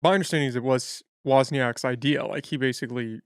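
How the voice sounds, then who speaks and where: A man's voice: mid-range voice, steady tone, fast talker, smooth, no echo, studio quality. A man hosting a podcast, asking long searching questions and thinking aloud in a conversational interview. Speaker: podcast host.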